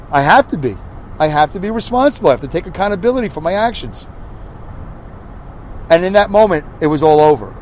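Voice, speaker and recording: A middle-aged man talks alone into his podcast mic, earnest and confessional, letting his thoughts ramble on. His voice sits a little high for a man. Faint street and traffic noise hums in the background. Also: darkish tone. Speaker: podcast host. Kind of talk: solo podcast monologue.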